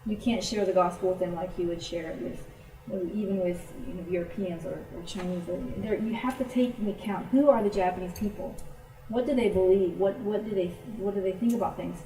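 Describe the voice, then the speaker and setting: A woman gives an informal talk to a church group in a lively storytelling way, now and then acting out what her friends said. Her voice is mellow and warm. She is recorded from a distance in a roomy space with echo. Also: medium pitch, fairly quick, soft background music. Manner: storytelling, animated when quoting friends. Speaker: missionary speaker.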